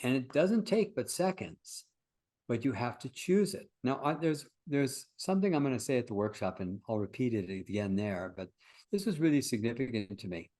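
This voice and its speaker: A man's voice: medium pitch, sing-song, moderate pace, mellow. An older man, a workshop founder and teacher, talking casually in an interview as an earnest, reflective storyteller.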